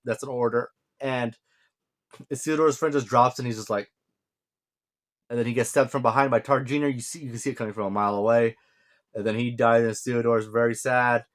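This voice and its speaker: A young man casually recapping and reviewing a fantasy series episode, rambling and sarcastic, tossing in quick paraphrased voices for the characters. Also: medium pitch. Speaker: video reviewer.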